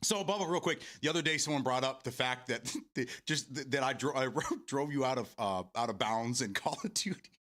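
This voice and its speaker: A man's voice: mid-range voice, brisk, a bit bright. A man streaming games and chatting casually with his viewers, laughing often and swearing freely. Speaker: game streamer. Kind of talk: casual live-stream chat.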